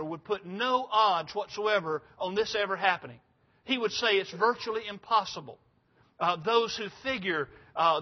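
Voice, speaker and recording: An older man preaching a sermon in a folksy, rambling, emphatic way. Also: high voice. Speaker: pastor. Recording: dull lo-fi sound.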